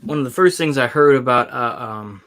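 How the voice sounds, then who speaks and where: A man hosting his own online channel goes on a loose, rambling rant, circling back with "you know, once again" and trailing off into sighs. His voice sits in the mid-range at a normal speed, with a fairly bright tone.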